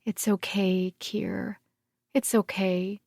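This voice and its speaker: A woman's voice: mid-range voice, lively intonation, a little fast, no echo, studio quality, pitched above the performer's own voice, close to an everyday voice. A woman voicing an earnest, pleading young princess. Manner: pleading, soothing. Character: earnest young princess and former warrior monk.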